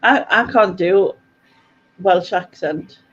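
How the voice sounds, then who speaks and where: A woman's voice: fairly low pitch, slow pace, slightly rough. A woman hosting a casual livestream chat over a video call, giggly and self-deprecating. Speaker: host. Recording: dull lo-fi call audio.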